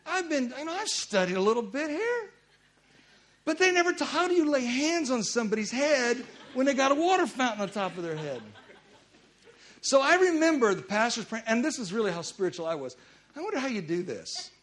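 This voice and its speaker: Middle-aged guy preaching, pretty high voice, chatty storytelling, gets loud then goes really quiet. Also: very animated, fairly quick. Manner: conversational, swings between loud urgency and hushed intensity. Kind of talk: sermon with personal storytelling.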